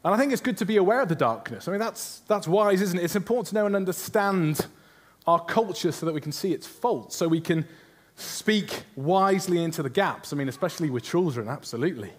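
A man's voice: sits high, expressive, a little fast. A man preaching a sermon, earnest, often asking his listeners questions. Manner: earnest, asks the congregation rhetorical questions.

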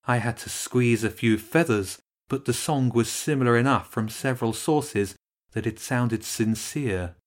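A man's voice: mid-range voice, natural voice. A man doing a stern straight-faced cat lady. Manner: stern and measured.

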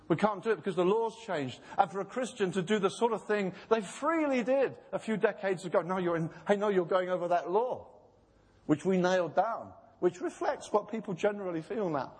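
A man preaches a sermon in a slightly raised, husky voice. He is earnest, acts out the voices he quotes, and slows down to stress his points. The sound carries the long reverb of a large hall. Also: on the high side.

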